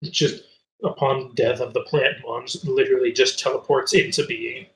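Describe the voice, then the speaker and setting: A man's voice: mid-range voice, steady tone, moderate pace, fairly bright tone, roomy sound, a little hiss or hum, poor audio. A man playing in a tabletop game, making joking, crude asides. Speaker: player.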